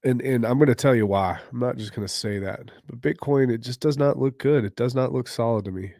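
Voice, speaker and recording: A man hosting a casual crypto livestream, greeting viewers by name in loose slang and often clearing his throat. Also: mid-range voice, fairly quick, mellow, no echo, clean studio sound. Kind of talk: casual livestream chat, reading viewer comments.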